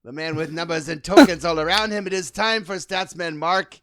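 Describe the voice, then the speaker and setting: Man, a bit high voice, upbeat, teasing, podcast host. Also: a little fast, a bit bright. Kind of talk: casual podcast chat.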